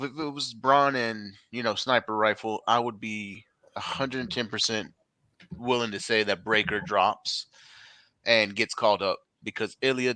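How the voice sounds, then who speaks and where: A man's voice: on the low side, bright, forceful tone, no room sound. A man co-hosting a casual wrestling podcast, rambling and joking, swearing freely. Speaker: podcast co-host.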